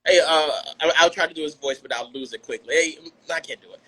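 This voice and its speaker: A man's voice: on the high side, quick pace, few pauses, bright, forceful tone, rough recording. A man cohosting a casual podcast, laid-back with short replies.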